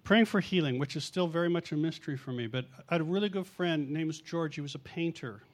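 A middle-aged man preaching through a story, with a slightly high voice. He talks casually, pokes fun at himself and acts out what others said. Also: fast. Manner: chatty, self-mocking, acts out quotes. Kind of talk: storytelling sermon.

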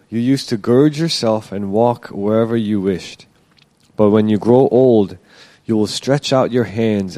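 Low, mellow-voiced pastor. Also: male voice, no echo. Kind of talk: scripture reading in a sermon.

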